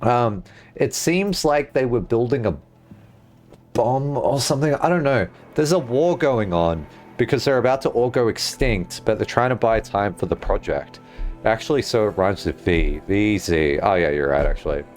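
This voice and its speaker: A man's voice: on the low side, animated, normal speed, faint music behind. A man streaming a game, musing aloud in casual chat and swearing freely. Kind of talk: casual livestream chat while gaming.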